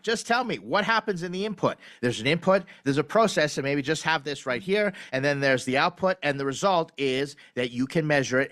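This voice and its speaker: A man giving a blunt, direct critique of startup pitch decks over a video call recording, with lively emphasis. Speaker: pitch deck reviewer.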